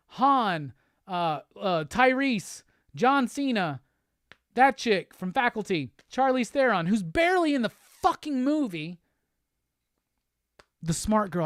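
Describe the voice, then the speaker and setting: A male host chatting casually on a livestream while unboxing gifts, excitable and profane. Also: sits high, no echo, clean studio sound.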